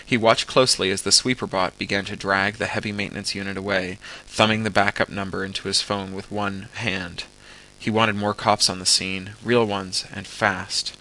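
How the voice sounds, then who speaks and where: A man reading a science fiction story aloud at a steady pace, acting out the dialogue. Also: on the low side, normal speed, rough recording. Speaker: audiobook reader.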